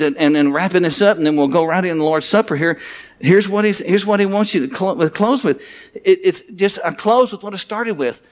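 A male pastor preaching a sermon and closing in prayer, fervent and emphatic, repeating phrases and asking rhetorical questions. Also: high-pitched.

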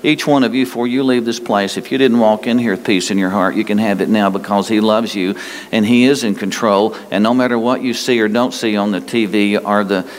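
A man preaching a sermon as pastor, animated and conversational, with asides. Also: on the low side, a little fast. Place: church sanctuary. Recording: long reverb of a large hall.

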